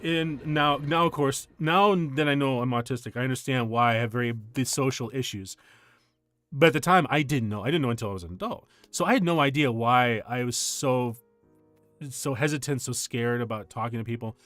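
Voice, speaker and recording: A man's voice: medium pitch, fairly quick, a bit bright, no room sound, soft background music. A man in his forties chatting casually on stream, rambling through a story and cutting himself off often. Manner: rambling, self-interrupting storyteller. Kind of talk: casual chat.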